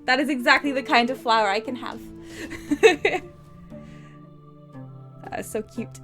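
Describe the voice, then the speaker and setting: Woman streamer, slightly high voice, chatty and giggly, self-deprecating, faint music behind. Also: measured pace, bright, forceful tone. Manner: chatty, self-deprecating, giggly, reads chat comments aloud. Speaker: streamer co-writing a story with AI. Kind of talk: casual livestream chat and reading aloud.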